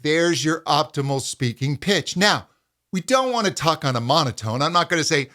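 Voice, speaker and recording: A middle-aged man teaching a voice lesson as a vocal coach, calmly explaining and demonstrating hums and pitch slides. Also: normal speed.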